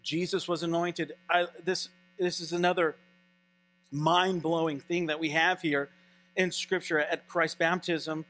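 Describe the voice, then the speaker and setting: A male pastor preaching a sermon in an animated, conversational way. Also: high voice.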